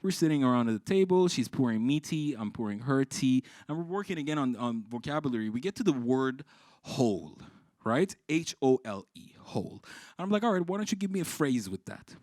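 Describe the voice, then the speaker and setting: A man from Iran doing live stand-up, telling stories with swearing and shouted punchlines. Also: mid-range voice, a little fast, no echo. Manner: animated, swearing, exclaiming punchlines. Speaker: stand-up comedian. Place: live comedy stage.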